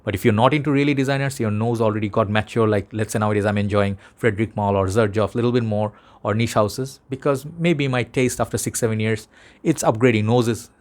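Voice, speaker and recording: A man with a Bangladeshi accent talks to camera in a fairly low voice. He rambles earnestly, as if chatting with a brother. It is a casual one-on-one vlog monologue. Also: fairly even intonation, a little fast, darkish tone. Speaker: fragrance vlogger.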